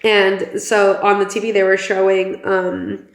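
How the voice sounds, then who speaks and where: A woman's voice: mid-range voice, flat delivery, measured pace. A young woman hosting a podcast in casual chat, chatty and gossipy, swearing freely and filling her talk with "like" and "um". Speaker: podcast host. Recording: roomy echo.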